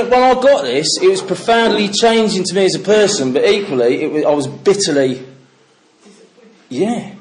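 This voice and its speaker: Middle-aged man from the Midlands, slightly high voice, blunt sweary storyteller sharing his recovery story. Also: background noise. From English Midlands. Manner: candid, swearing, storytelling with laughs. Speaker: recovery speaker. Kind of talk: personal testimony to a meeting.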